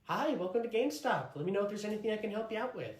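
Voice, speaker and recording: A man doing a soft polite store clerk. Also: high-pitched, animated, racing, roomy sound, pitched above the performer's own voice. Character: patient young female store clerk. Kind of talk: comedy skit.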